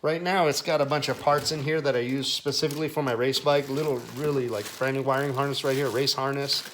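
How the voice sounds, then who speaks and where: A quick-talking man with a medium-pitched, fairly bright voice and fairly even intonation walks through the car repair shop he owns. Slight background noise accompanies his unscripted tour. A dad, he rambles along in profane, casual bro talk.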